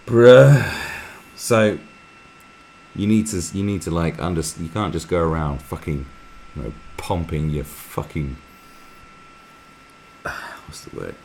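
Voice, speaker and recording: A man's voice: a bass voice, unhurried, long pauses, slight background noise. A man hosting a live stream, talking in a rambling, sweary way and often slipping into mocking impressions. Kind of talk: casual rambling commentary.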